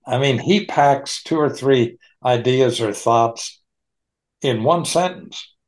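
A man leads a Bible study in an unhurried, folksy manner. He chuckles often as he explains the passage, and his voice sits at an ordinary middle pitch. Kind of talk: online Bible study teaching.

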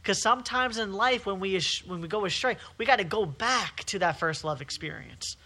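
A man preaching an emphatic, repetitive sermon, swinging between forceful calls and quieter stretches. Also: sits high, lively intonation, moderate pace. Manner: emphatic, repetitive preaching with rising and falling intensity.

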